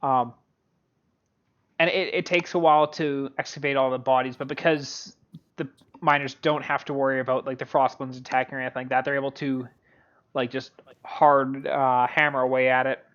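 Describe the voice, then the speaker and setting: A man narrating as game master of a tabletop game, halting and full of fillers. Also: mid-range voice, level tone, fairly bright tone. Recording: dull lo-fi audio.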